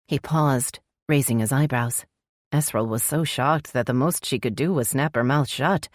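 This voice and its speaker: Very low-voiced woman narrating an audiobook. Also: moderate pace, darkish tone, no room sound, clean studio sound.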